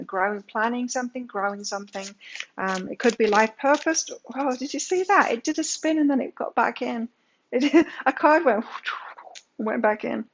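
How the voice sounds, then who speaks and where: A woman's voice: fairly high pitch, a little hiss or hum. A woman giving a daily tarot energy reading, talking emphatically with lots of rhetorical questions. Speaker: tarot reader. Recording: slightly dull lo-fi sound.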